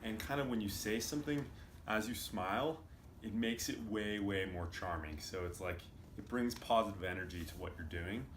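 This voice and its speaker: A man's voice: lowish voice, normal speed. Man explaining casually in a roomy space. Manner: loose, filler-heavy explaining. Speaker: video commentator. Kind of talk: casual commentary on clips. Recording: roomy with faint noise.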